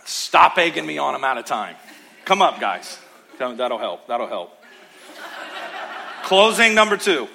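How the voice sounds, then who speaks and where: A male pastor preaching a sermon in church, emphatic, with rhythmic repetition, swinging between loud calls and hushed asides. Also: mid-range voice, big pitch swings, a little slow, vocal fry, pauses often, slight background noise.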